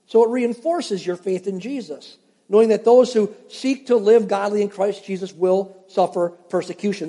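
A man's voice: high-pitched, normal speed, dark tone, long reverb tail. An older man preaching a sermon as pastor, emphatic and repeating phrases for stress while addressing the congregation directly.

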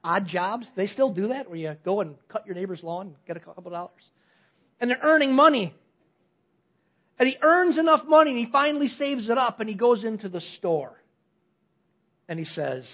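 A man preaching a sermon, telling an illustrative story earnestly with frequent restarts and hushed drops at key points. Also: high voice, normal speed. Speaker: pastor. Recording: slightly dull lo-fi sound.

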